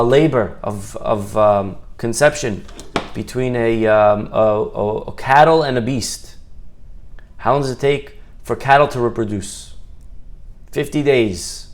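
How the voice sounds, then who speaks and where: A man telling a story in a Torah talk, acting out the characters and stretching words for emphasis. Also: medium pitch.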